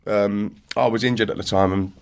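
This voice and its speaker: Brief: bloke in his 30s, low voice, animated sweary yarn-spinner on a podcast. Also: a little fast, clear, resonant tone. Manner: animated anecdote-telling, sweary, acts out other voices. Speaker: podcast guest. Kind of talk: casual chat, storytelling.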